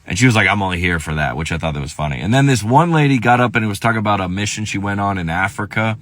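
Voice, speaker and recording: A male comedian telling a story to camera, rambling and breaking off into quick asides. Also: on the low side, lively intonation, fairly bright tone.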